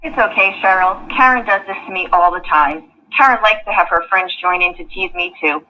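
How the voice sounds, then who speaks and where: A woman playing a shy girl who is being teased, speaking softly and sounding hurt in a school skit. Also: medium pitch, a little fast, dull audio, lightly acted.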